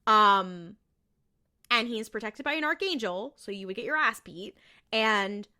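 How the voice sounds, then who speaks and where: Bright-voiced woman recapping excitedly. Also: mid-range voice, measured pace. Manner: animated, swearing, acting out characters' lines. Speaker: podcast co-host. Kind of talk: casual chat recapping a TV episode.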